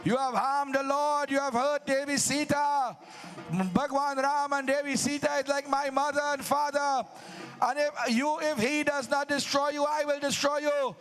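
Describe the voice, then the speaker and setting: Stern commanding god figure done by a male narrator, high-pitched, scolding. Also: little pitch movement, normal speed, a bit bright, soft background music. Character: stern angry male god refusing help.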